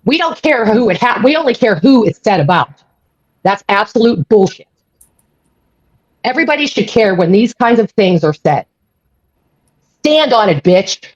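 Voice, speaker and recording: A woman's voice: mid-range voice, sing-song, normal speed, pauses often, no room sound. A woman hosting a live stream, ranting angrily and swearing often, repeating her points. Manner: angry, profane, repeats herself. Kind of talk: heated live-stream rant. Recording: dull lo-fi audio.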